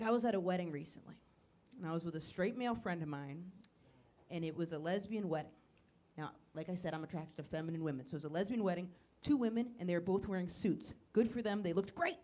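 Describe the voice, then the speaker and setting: Neurotic woman doing stand-up. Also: lowish voice. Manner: neurotic, self-deprecating, swings into loud mock panic. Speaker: stand-up comedian. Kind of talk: stand-up set with crowd work. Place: comedy club stage, laughing audience. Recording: live club recording with audience noise.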